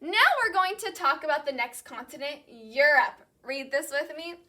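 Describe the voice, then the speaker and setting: High bright teacher drilling vocabulary. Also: female voice, expressive. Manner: slow, clearly enunciated drilling of vocabulary. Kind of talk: call-and-repeat classroom lesson.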